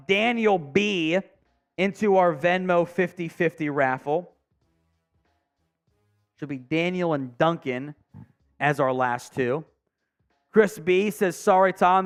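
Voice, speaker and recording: Man, live sports stream host, high voice, frustrated fan commentary, swears, faint music behind. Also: clean tone. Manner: frustrated, swearing, reads chat aloud.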